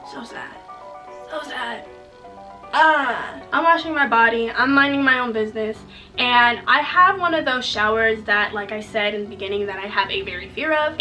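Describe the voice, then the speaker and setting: Brief: young female vlogger, bright and slightly high, chatty jokey storytelling, mic a bit distant. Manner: chatty, joking, says "okay?" often. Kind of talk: casual storytelling to viewers.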